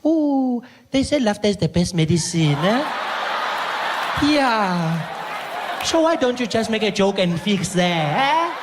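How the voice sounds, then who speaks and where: A man's voice: sits high, sing-song, slow pace, long pauses, noisy background, pitched above the performer's own voice, heavily acted. A man voicing a mocking, unfriendly female hospital clerk who keeps tagging her lines with "eh?" in a stand-up act. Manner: sneering, teasing, tags lines with "eh?". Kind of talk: stand-up comedy impression.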